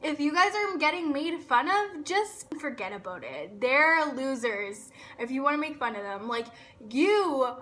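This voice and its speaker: Bright, high-voiced young woman ranting. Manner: blunt and profane, heavy swearing; fast talk with lots of filler "like". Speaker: vlogger. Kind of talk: casual rant to camera.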